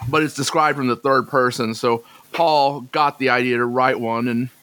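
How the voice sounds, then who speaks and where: A man's voice: mid-range voice, steady tone, normal speed, bright, forceful tone, smooth, dry recording. A man hosting a podcast, chatting enthusiastically and wondering aloud. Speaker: podcast host. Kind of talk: casual podcast chat.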